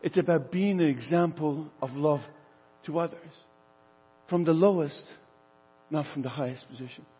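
A man voicing a gentle, patient male teacher who speaks softly and corrects his followers without harshness. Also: on the high side, normal speed, breathy edge, lo-fi sound, pitched below the performer's own voice. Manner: soft and gentle.

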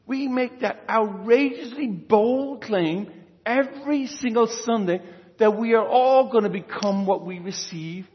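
A man preaching as a priest in a homily to children at their First Communion, lively and conversational, quizzing them with questions. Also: high-pitched, measured pace. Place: church. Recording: dull, reverberant church sound.

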